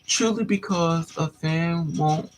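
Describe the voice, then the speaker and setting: This woman speaks slowly over background noise, hosting an unfiltered livestream monologue with plenty of sass. She peppers her tales with "honey" and "child" and animatedly switches into theatrical, high-pitched voices when quoting others.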